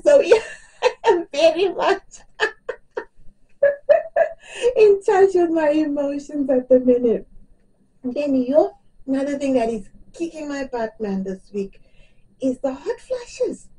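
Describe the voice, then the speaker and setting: A woman's voice: on the high side, warm tone, distant mic, poor audio. A middle-aged woman, chatting casually to camera as a vlogger. She laughs often and her voice keeps cracking on the edge of tears.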